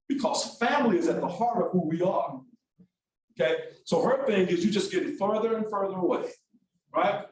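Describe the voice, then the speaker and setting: A man from Alabama leading an interactive classroom workshop, brisk and animated as he calls on the room. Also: high voice, heavy reverb, distant mic, low-quality recording. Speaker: workshop instructor. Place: large echoey classroom.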